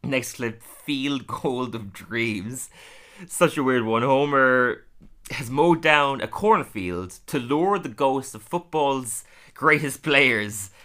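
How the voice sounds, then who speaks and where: A man's voice: mid-range voice, expressive, slow, pushed and bright. A man casually recapping cartoon episodes for a podcast, laughing often and throwing in lots of fillers. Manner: chatty, laughs often, many fillers, acts out quotes. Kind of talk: casual chat.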